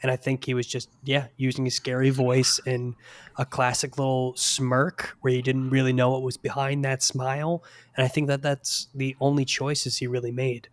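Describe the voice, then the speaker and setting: A man's voice: medium pitch, monotone, moderate pace. Easygoing man in a podcast chat. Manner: easygoing, laughs along, thinks aloud. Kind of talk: casual podcast discussion.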